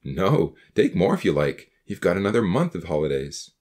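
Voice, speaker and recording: A man's voice: low-pitched, very animated, moderate pace, a little mellow, pitched below the performer's own voice. A man voicing an earnest, slightly awkward teenage boy in a storybook reading. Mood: friendly. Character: earnest teenage boy, newly baptized, eager to encourage.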